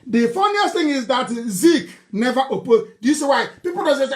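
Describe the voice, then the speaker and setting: A man's voice: very high-pitched, lively intonation, moderate pace. Fiery, mocking Nigerian man. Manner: fiery, mocking, laughing, shouting at times. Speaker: political broadcaster. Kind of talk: impassioned live broadcast speech.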